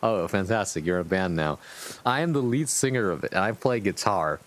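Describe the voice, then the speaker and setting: A man's voice: sits low, expressive, a little fast, slight background noise. A man streaming live, reading fanfiction aloud and breaking off to chat to his viewers, amused and often profane.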